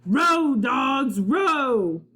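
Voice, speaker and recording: Woman reading as a bossy one-eyed pirate captain, raised gruff voice, storybook read-aloud. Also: a little high, expressive, unhurried, slight background noise, voice pushed up.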